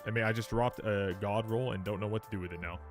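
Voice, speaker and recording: A young man livestreaming a game, chatting casually with viewers, swearing freely and reacting loudly while reading patch notes aloud. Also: lowish voice, fairly even intonation, quick pace, soft background music. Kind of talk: casual live game stream.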